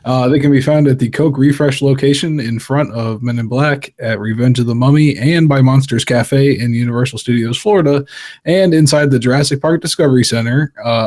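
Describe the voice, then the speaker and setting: A man's voice: mid-range voice, a little mellow. Man casually reading park news. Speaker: podcast co-host.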